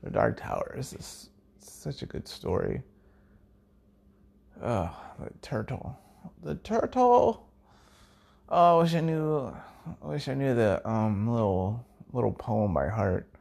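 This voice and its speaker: Low-voiced guy with some fry just rambling excitedly on his podcast, goes soft and quiet sometimes. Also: measured pace. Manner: rambling, enthusiastic, trailing off. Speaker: podcast host. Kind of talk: casual solo musing.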